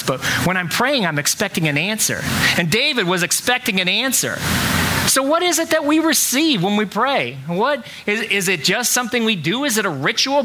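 A man's voice: sits high, sharp tone, a little hiss or hum. A middle-aged male pastor giving a conversational sermon in a church, full of rhetorical questions.

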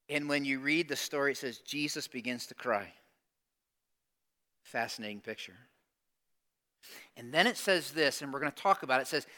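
A man preaching with a high, bright voice. He tells the story in a lively, conversational way and slips into the voices of the people in it. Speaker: pastor. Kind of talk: sermon.

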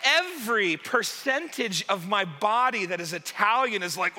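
A man's voice: high-pitched, moderate pace, few pauses, a little hiss or hum. A man who is one of the pastors, giving a casual, joking sermon in a church auditorium. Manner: chatty, joking, animated asides. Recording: long hall reverb.

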